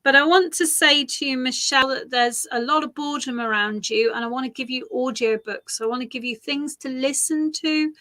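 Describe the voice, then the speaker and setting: Woman, psychic reader, bright forward tone, gentle reassuring delivery, soft repeats. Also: fairly high pitch. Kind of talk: live psychic reading.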